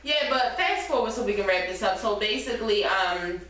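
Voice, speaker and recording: A woman's voice: medium pitch, moderate pace. Woman, casual recap chat, echoey, distant mic. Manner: animated, swearing, retelling scenes in quoted voices. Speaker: podcast co-host recapping a TV episode. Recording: echoey room, far from the mic, faint noise.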